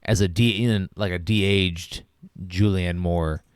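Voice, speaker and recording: Low-voiced, hesitant man on a podcast. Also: fairly even intonation, slow pace, clear, resonant tone, dry recording, clean studio sound. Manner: hesitant, agreeable, laughs easily. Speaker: podcast co-host. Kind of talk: casual movie review chat.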